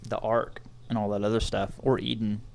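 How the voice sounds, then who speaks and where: A man's voice: fairly low pitch, flat delivery, a little fast, creaky. A young man co-hosting a casual podcast chat, rambling loosely through his thoughts. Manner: casual, rambling, says "dude". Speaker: podcast co-host.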